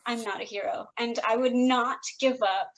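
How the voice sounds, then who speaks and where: Woman, high voice, tearful, earnest and emotional, casual podcast chat. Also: steady tone, moderate pace, a little hiss or hum, rough recording. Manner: earnest, emotional, talks through tears. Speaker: podcast co-host.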